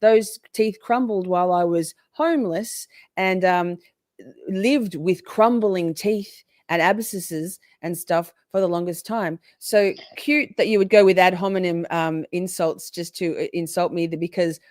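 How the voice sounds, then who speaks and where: An Australian woman hosting a casual livestream chat, animated and quick to jump into high quoted voices. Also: no echo, studio quality. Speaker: livestream host.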